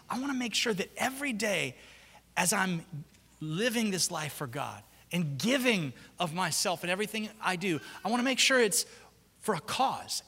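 A man preaching a sermon, his voice high and ringing. He tells stories and acts out the quotes with lively energy. The sound carries a long reverb from a large church hall. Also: breathy edge. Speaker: pastor.

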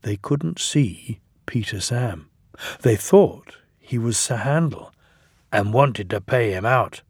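A middle-aged man reads a children's storybook at an unhurried pace. His voice is gravelly and husky, and his pitch swings widely as he tells the story. The recording is close and dry. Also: no room sound. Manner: slow, animated storytelling. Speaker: audiobook narrator.

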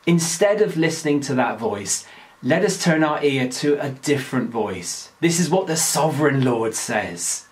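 A man giving a daily devotional talk, reading scripture aloud in a slow, earnest, measured way. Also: on the high side, lively intonation.

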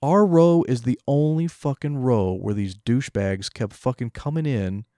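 Ranting man with a mellow voice. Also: mid-range voice, normal speed, no room sound, studio quality. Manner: ranting, heavy swearing, mocking imitations. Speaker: podcast co-host. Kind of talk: casual profane rant.

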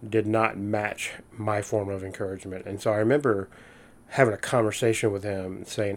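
A man's voice: on the low side, little pitch movement, normal speed, pauses often, soft background music. A man in casual, earnest storytelling, using folksy fillers and restarts as he reflects. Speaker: host of a reflective talk.

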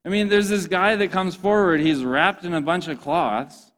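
A man's voice: sits high, fairly even intonation, moderate pace, fairly bright tone. A man giving an earnest, impassioned sermon as a youth pastor, often speaking to his listeners as "guys.".

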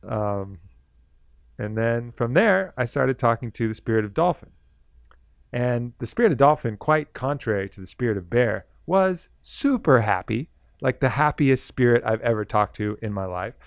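A man's voice: medium pitch, animated, normal speed, creaky, clean tone, dry recording, studio quality. A man hosting a solo podcast, telling a personal story in a reflective, laid-back way. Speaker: podcast host.

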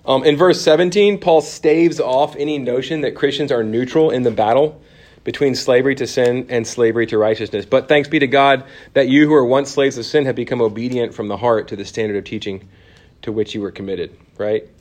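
A man's voice: mid-range voice, fairly even intonation, fairly quick, a little mellow. Man teaching a church Bible class. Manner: conversational, asks the class questions, many ums and restarts.

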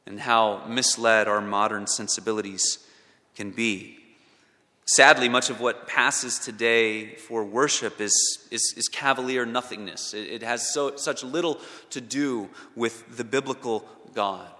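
Guy preaching a sermon, bright forceful voice, big echoey church hall, goes loud then real quiet. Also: steady tone, unhurried. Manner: dynamic preaching, swinging from loud emphatic peaks to hushed low passages. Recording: long reverb of a large hall.

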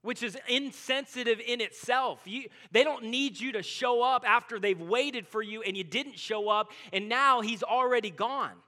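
A man's voice: very high-pitched, normal speed, few pauses. A man preaching a sermon as pastor. He talks casually, peppers his speech with "like," and acts out biblical characters in everyday speech. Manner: casual, animated storytelling with frequent "like".

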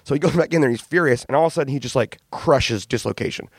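A man, a band's frontman, telling candid, animated studio stories in a casual interview, with swearing and laughs. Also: medium pitch, fast, slightly rough, no room sound. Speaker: band frontman and singer.

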